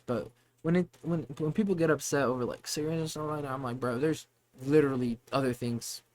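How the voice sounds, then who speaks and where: A man's voice: mid-range voice, fairly bright tone. A young man casually ranting to the camera about his retail job, rambling, swearing freely and working himself up. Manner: profane, rambling, gets heated. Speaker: vlogger venting about retail work.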